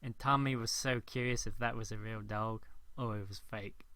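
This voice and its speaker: A man's voice: lowish voice, steady tone, moderate pace, bright, forceful tone, clear, resonant tone. A young man co-hosting a podcast, chatting casually and often restarting his sentences. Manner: hesitant, restarts sentences, quoting movie lines. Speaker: podcast co-host. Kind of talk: casual chat.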